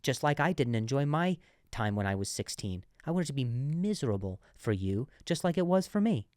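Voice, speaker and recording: A man who stutters, hosting a comedy podcast and telling animated, self-mocking stories. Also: medium pitch, normal speed, no echo, studio quality. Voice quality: stutter, frequent repeated words. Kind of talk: comedic storytelling.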